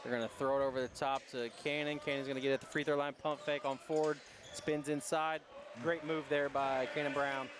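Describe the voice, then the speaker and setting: A man's voice: medium pitch, little pitch movement, background noise. Man calling basketball in a busy gym. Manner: rapid running calls of each pass. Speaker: play-by-play announcer. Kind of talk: live basketball play-by-play. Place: high school gymnasium. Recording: gym ambience and bouncing balls.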